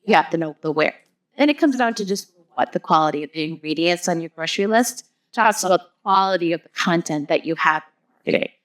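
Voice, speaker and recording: A woman's voice: on the low side, lively intonation, brisk. A woman, a guest on an interview show, explaining her ideas through long everyday analogies with frequent "like" and "you know". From US Midwest. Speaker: guest, marketing business founder. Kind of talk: casual interview chat.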